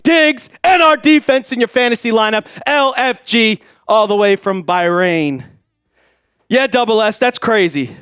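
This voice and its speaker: A man hosting a live sports stream, excitedly reading out donations and shouting, out of breath at times. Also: sits high, a little slow, clean tone, no room sound, clean studio sound, faint music behind. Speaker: livestream host.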